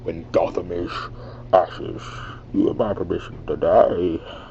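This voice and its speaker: A man voicing a menacing masked male villain in a breathy, muffled whisper, with slow, heavy delivery. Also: sits low, fairly even intonation, dark tone, a little hiss or hum, exaggerated voice. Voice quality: breathy, whispered, muffled through a clamped nose.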